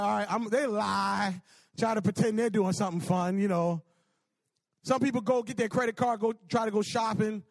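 High voiced guy preaching, lively and repetitive, laughs at his own stories, dry sound. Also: no echo. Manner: animated, repetitive storytelling with laughs. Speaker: pastor. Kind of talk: sermon.

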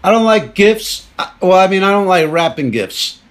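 A man's voice: high-pitched, big pitch swings, normal speed. A man hosting a podcast, rambling through jokey rants in a casual comedic monologue. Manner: rambling, jokey ranting asides. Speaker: podcast host.

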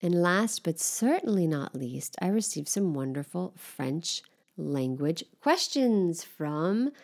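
Low gravelly woman teaching French. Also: big pitch swings. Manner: gentle, unhurried, spells words letter by letter. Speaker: French teacher and podcast host. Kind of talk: relaxed podcast language lesson.

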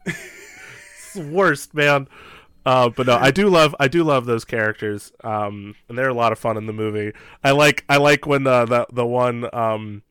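A man co-hosting a podcast in casual movie-review chat, animated and laughing often, with many "like" fillers. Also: medium pitch, a little slow, clean tone, no echo. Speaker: podcast co-host.

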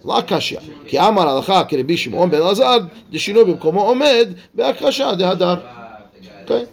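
A man teaching a casual Talmud class, explaining quickly and checking in with his students. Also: high-pitched, expressive, creaky. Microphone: class microphone.

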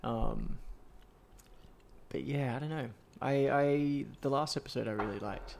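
A man's voice: medium pitch, unhurried, gravelly. A man co-hosting a casual chat, rambling with lots of fillers and restarts. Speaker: podcast co-host.

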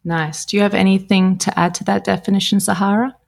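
A woman's voice: mid-range voice, level tone, fairly quick, creaky, a little mellow. A woman co-hosting a podcast, bubbly and enthusiastic in casual chat. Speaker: podcast co-host.

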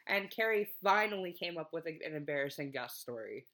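A man's voice: on the high side, expressive, a little fast, sharp tone. A man co-hosting a comedy podcast in casual chat, often laughing and hesitating with ums. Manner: giggly, hesitant, lots of ums. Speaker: podcast co-host.

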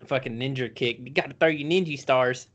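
A man co-hosting a casual podcast, swearing freely as he tells animated stories. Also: mid-range voice, brisk, lo-fi sound. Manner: profane, animated storytelling. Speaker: podcast co-host. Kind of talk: casual chat.

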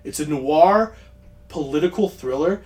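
A man's voice: on the high side, dark tone. Chatty man rambling about movies. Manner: rambling, laughs often, quick asides. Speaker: podcast co-host. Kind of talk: casual movie chat.

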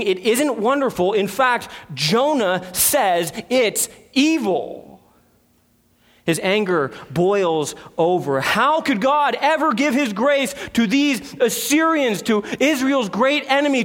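A male pastor giving an earnest expository sermon, stressing key words and sometimes dropping to a quiet voice. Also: very high voice. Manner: earnest, emphatic preaching with sudden drops to quiet.

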